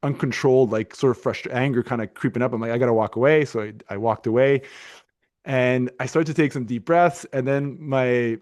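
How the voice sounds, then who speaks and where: A man's voice: medium pitch, fairly even intonation, moderate pace, a little mellow. Rambling man telling a story. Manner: rambling, many restarts and fillers. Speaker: podcast host. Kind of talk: casual conversational storytelling.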